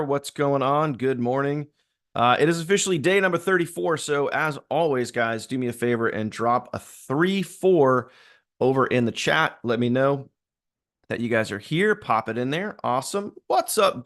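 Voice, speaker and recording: A man's voice: medium pitch, fairly bright tone. Upbeat rambling man hosting a livestream. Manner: upbeat, rambling, greets viewers by name. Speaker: livestream host. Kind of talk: casual live-stream chat.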